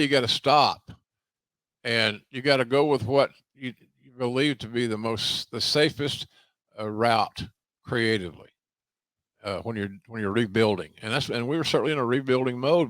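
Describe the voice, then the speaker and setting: Older man, halting podcast chat. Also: medium pitch, fairly bright tone, no room sound. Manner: halting, restarts, drawn-out emphatic phrases. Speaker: podcast host, wrestling commentator.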